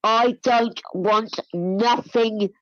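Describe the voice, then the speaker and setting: Slow defensive woman, noisy lo-fi clip. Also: fairly high pitch, fairly even intonation. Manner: defensive, pleading. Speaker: panel speaker in a played clip.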